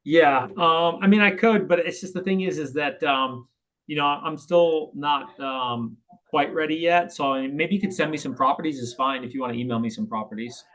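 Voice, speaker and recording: A man coaching a real estate agent in a role play, talking briskly and often checking in with "right?". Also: on the high side, fairly bright tone, low-quality recording. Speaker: sales coach.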